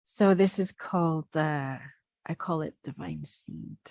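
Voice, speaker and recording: A woman who works as a quantum healing practitioner, gently recounting a session in a soft, hesitant reflective monologue full of fillers. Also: low-pitched, slow pace, vocal fry, no room sound. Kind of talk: reflective spoken monologue sharing channelled messages.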